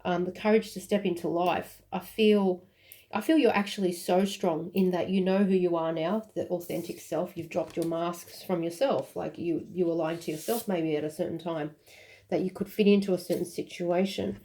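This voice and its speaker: Woman tarot reader, casual and emotional, low mellow voice. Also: steady tone, normal speed. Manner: intuitive, rambling, with fillers and self-corrections; emphatic and emotional at moments. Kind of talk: casual tarot reading to camera.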